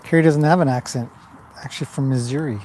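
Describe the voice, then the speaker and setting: A man's voice: mid-range voice, fast talker, darkish tone, a little hiss or hum. A man from western Canada hosting a casual outdoor livestream, rambling between updates and reading viewer comments aloud. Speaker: livestream host. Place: outdoors by a fire at a horse farm.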